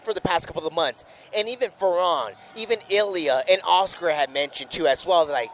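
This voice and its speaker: A man's voice: high-pitched, expressive, a little fast, hardly any pauses, a bit bright. A man co-hosting a live sports radio show, commenting on the game and repeating himself emphatically when upset.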